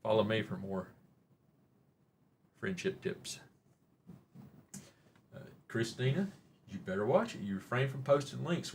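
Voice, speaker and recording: A man's voice: lowish voice, animated, moderate pace, pauses often, slight background noise. A man with a Southern Oklahoma accent who hosts a casual live stream, chatting with viewers in a rambling, folksy, joking way. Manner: rambling and folksy, jokes with chat, says y'all.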